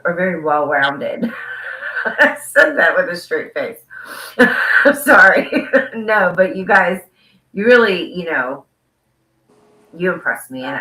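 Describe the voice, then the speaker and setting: A talkative woman co-host with a bright, forward tone. She rambles easily through casual conversation and laughs a lot. Her voice carries a roomy echo. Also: rumbling low. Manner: chatty, laughs often, rambling. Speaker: podcast co-host. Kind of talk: casual interview chat.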